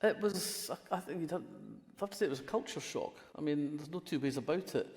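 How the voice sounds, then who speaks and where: This Fife-born crime writer in her sixties speaks quite quickly in a low, darkish voice with lively intonation. She's a guest in a live stage conversation at a festival hall, telling wry stories in a polished Scottish accent with frequent restarts, and the hall adds long reverb.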